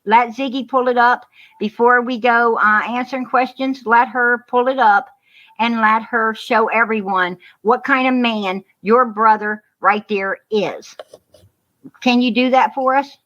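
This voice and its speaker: A woman's voice: fairly high pitch, steady tone, unhurried, a bit bright. A woman talking on a livestream call, repeating herself, comforting another caller and getting fired up. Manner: repetitive, consoling, fired-up, says "you know what" often. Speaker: guest on a livestream. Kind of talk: emotional livestream call-in chat. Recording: dull lo-fi stream audio.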